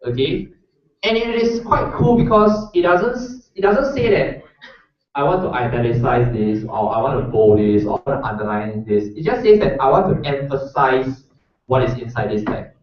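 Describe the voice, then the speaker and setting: A man's voice: mid-range voice, animated, normal speed. A man teaching a coding workshop in a lecture room, with a casual, chatty manner that keeps checking in with the audience. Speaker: workshop instructor. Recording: roomy echo, distant mic, dull lo-fi sound.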